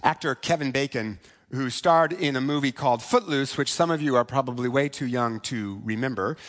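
A man preaching a sermon in a conversational way, often asking "right?" and slowing down for key points. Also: medium pitch, a bit bright. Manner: conversational, asks "right?" often, slows for emphasis. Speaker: pastor.

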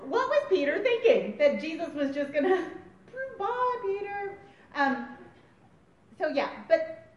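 Animated woman preaching in a roomy hall. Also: a little high. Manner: animated, laughing, acting out quotes. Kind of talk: sermon. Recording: roomy, distant, dull recording.

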